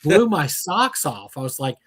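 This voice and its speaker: A man from Texas with a Texas accent, co-hosting a podcast and telling anecdotes in an expressive, emphatic way. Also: fairly high pitch, a little slow, husky. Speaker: podcast co-host. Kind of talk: casual chat.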